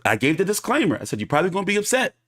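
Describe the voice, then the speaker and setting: Animated, profane male boxing commentator. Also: high-pitched, very fast. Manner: animated, profane, acts out quoted people in his retelling. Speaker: boxing commentator and show host. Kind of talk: casual storytelling monologue.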